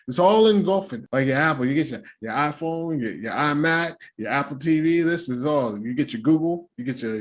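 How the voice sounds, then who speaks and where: A man hosting a reaction video, recapping a reality show in casual, profane, slangy commentary. He laughs often and slips into playful impressions. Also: on the high side.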